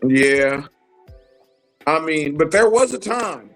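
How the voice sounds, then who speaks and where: A man co-hosting a casual wrestling chat show, talking in an animated, profane, rambling way. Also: a little high, slow, faint music behind, rough recording. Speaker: podcast co-host.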